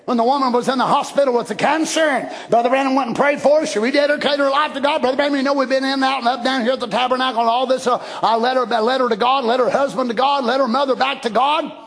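A man preaching a sermon in a folksy, animated way, breaking into shouted passages. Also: very high voice, fast talker, hardly any pauses. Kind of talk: Pentecostal-style sermon.

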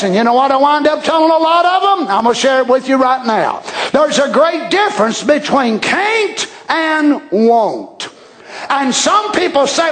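A man preaching an impassioned sermon, shouting and calling out praise. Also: very high voice, animated, unhurried. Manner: shouting, impassioned, calls out hallelujah. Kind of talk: fiery sermon.

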